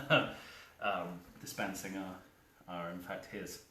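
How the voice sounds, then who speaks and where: A man performing a one-man comedy show, talking quietly and offhandedly with hesitant asides. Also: deep voice, fairly even intonation, takes it slowly, slight background noise. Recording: echoey room, distant mic.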